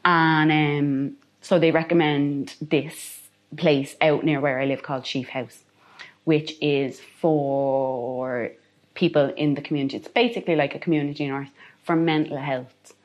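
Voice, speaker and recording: Low-voiced woman, earnest and halting. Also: steady tone, highs cut off. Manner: earnest, halting, voice rising with emotion. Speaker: bereaved mother telling her story. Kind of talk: emotional personal account.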